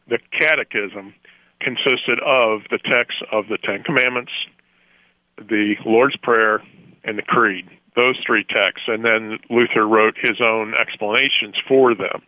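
A man's voice: mid-range voice, no room sound. A man from Florida joins a radio talk on theology as a guest. His voice comes through a thin, phone-like line with no room sound around it. He talks with emphasis and animation and laughs easily. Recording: tinny phone line, dry.

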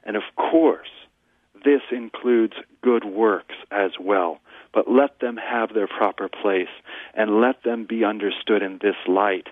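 Low-voiced pastor preaching over a phone line. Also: male voice, slow pace, no echo. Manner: earnest, emphatic Bible exposition. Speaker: pastor, guest. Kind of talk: preaching on a radio talk show.

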